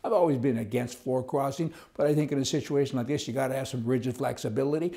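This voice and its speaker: Quick and dark-toned at a medium pitch, a Canadian man gives an opinionated political monologue. He is blunt and rambling, and he chuckles at his own points.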